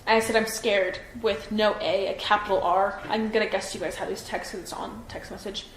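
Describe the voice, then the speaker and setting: Here a young woman in her twenties answers police questions as a witness, her medium-pitched voice fairly even in intonation and at a normal speed. She hesitates often, restarting and using fillers. Faint noise sits under a roomy echo.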